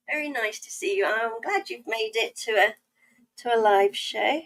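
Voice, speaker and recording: A woman's voice: on the high side, animated, a little slow, a bit bright, low-quality recording. A woman with a South East London accent chatting playfully with viewers while she draws on a live stream. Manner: playful, chatty, reading viewer comments aloud. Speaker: livestream art host. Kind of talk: casual chat while drawing.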